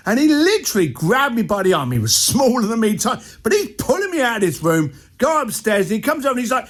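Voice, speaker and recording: A man's voice: very high-pitched, big pitch swings, fast, few pauses. A man, an entrepreneur coach, telling a blunt and punchy motivational story. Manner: blunt, punchy, acts out dialogue.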